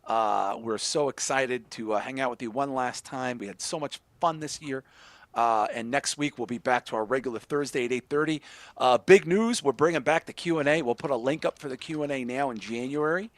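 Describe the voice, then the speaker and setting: A man's voice: mid-range voice, fairly quick, no echo. A man hosting a podcast in an upbeat, joking, rambling chat. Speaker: podcast host.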